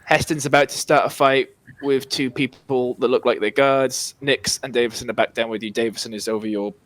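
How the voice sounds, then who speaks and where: A man's voice: medium pitch, steady tone, fairly quick, fairly bright tone, no room sound. A man running a tabletop game as dungeon master, setting scenes in a chatty way and often restarting his phrases. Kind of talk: casual tabletop game narration.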